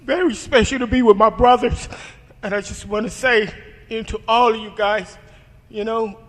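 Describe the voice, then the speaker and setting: Emotional man with a high voice, in an echoing hall. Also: steady tone, normal speed, a bit bright. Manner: emotional and heartfelt, sighing. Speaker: security guard taking the shahada. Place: large mosque hall. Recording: long hall reverb.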